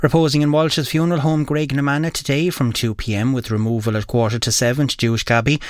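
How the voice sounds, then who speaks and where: Irish guy reading death notices on local radio, measured, dead dry sound. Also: medium pitch, flat delivery, no room sound. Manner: measured, formal and solemn. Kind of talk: read announcements.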